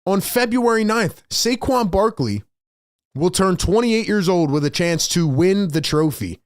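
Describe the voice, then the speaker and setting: A man hosting a postgame sports show, talking in an excited, emphatic way and repeating his key points, worked up with excitement. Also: sits high, measured pace, no echo, clean studio sound. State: overexcited.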